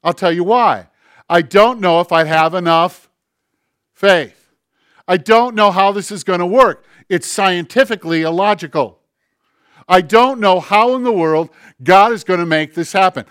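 A man preaching a sermon in an earnest, conversational way, slowing down on key phrases and acting out short bits of dialogue. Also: high-pitched, a bit bright, clean tone, no echo, studio quality. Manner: acts out dialogue and asides. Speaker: pastor.

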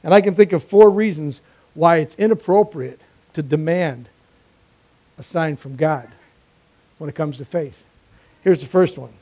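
A man delivers a sermon with emphatic, repeated phrases and a storyteller's ease. His voice is mellow and warm, sitting a bit high for a man. He builds his points through steady repetition. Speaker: preacher.

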